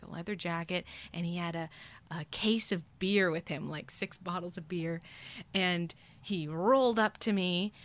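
A woman in her twenties hosting a podcast, telling a funny personal story in an animated, self-deprecating way and laughing often. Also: lowish voice. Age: 20s. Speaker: podcast host.

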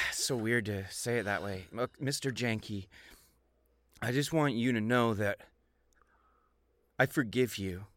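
Man player, rambling deadpan jokester, dry close sound. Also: lowish voice, measured pace, long pauses, dry recording. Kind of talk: playing a tabletop game in character.

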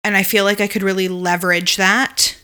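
A woman's voice: mid-range voice, little pitch movement, brisk, sharp tone, clean tone. A woman co-hosting a podcast, chatting casually and reacting eagerly with many exclamations. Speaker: podcast co-host. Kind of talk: casual chat.

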